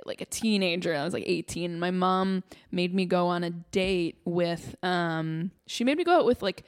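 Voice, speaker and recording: A woman's voice: lowish voice, moderate pace, smooth. A woman co-hosting a comedy podcast, joking around in playful banter. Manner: animated, playful, slips into goofy put-on voices. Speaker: podcast co-host.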